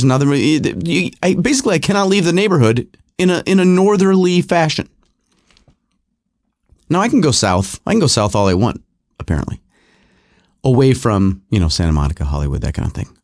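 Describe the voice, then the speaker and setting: A man's voice: mid-range voice, lively intonation, moderate pace, darkish tone, no room sound, studio quality. Wry, rambling man in a garage. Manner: digressive, wry, self-deprecating. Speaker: podcast host. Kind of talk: rambling casual monologue. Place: home garage.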